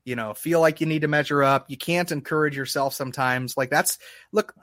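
A man co-hosting a casual faith podcast, talking earnestly and haltingly as he searches for words. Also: a little high, fairly bright tone, dry recording, clean studio sound. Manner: earnest, halting, restarts often when emotional. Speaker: podcast co-host.

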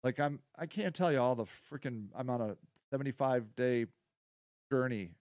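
A man hosting a podcast in a casual monologue, rambling and blunt, often profane, going from quiet asides to heated stretches. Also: mid-range voice, moderate pace, no room sound, clean studio sound. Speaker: podcast host.

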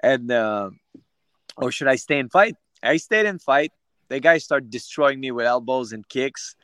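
Animated, profane man telling fight stories. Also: medium pitch, unhurried, no room sound. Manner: animated, profane, rambling with restarts. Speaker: guest fighter. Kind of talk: casual interview storytelling.

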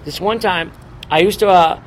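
High-voiced, profane middle-aged punk storyteller. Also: male voice, moderate pace. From Boston area. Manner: profane, rambling, swaggering storyteller. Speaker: punk singer being interviewed. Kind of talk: casual street interview, storytelling. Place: outdoors in front of a bar on a city street. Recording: street traffic noise outdoors. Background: passing cars and city traffic.

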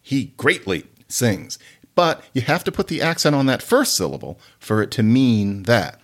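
A man's voice: mid-range voice, sing-song, normal speed. A man hosting a podcast, who explains word origins in a chatty, playful way with many digressions. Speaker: podcast host, linguist. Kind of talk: casual explanatory podcast talk.

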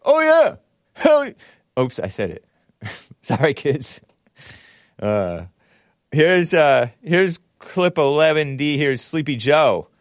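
A male podcast host in sarcastic, jeering commentary mode. His voice sits at an ordinary middle pitch. It is recorded dry and close, with no room sound. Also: animated, slow, pauses often, no room sound. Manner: sarcastic, jeering, laughs at his own remarks. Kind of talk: mocking political commentary.

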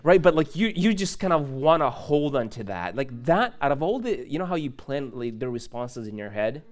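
A young man gives a conversational sermon in church, speaking at normal speed in a mid-range voice. As pastor, he tells a personal story casually and with energy, laughing, making asides, and asking the congregation questions.

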